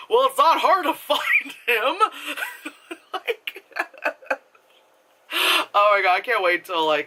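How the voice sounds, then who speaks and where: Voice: mid-range voice, pushed and bright. A movie reviewer talking into a camera in a casual, rambling vlog review, swearing freely and laughing often. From United States.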